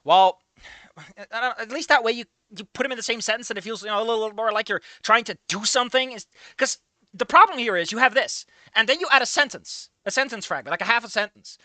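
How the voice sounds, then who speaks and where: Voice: mid-range voice, fast, pushed and bright, no echo. A streamer reading through a game and ranting about its writing in a profane, exasperated way. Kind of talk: game playthrough commentary.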